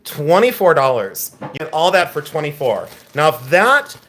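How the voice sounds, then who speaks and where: A man's voice: on the high side, sing-song, normal speed, fairly bright tone, slight background noise. A man hosting a live-streamed jewelry auction, chatting and joking as he shows each lot. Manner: joking, chatty, self-mocking. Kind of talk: live-stream sales patter.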